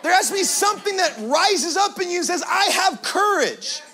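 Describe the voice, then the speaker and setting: A man preaching a lively sermon in very casual, slangy language. His voice sits unusually high for a man. He builds into loud, emphatic shouts to drive his points home. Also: fast talker. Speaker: pastor.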